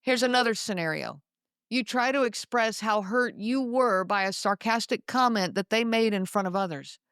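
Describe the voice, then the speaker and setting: A woman hosting a podcast, talking in a measured, explanatory monologue and slowing down to stress key words. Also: a little high, a bit bright, clean tone, no room sound, studio quality. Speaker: podcast host.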